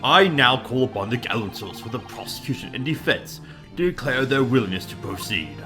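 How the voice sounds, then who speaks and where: Man reading stern old judge, formal, measured, lively pitch, clear game music behind. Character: stern older male courtroom judge, formal. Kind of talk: reading game dialogue aloud.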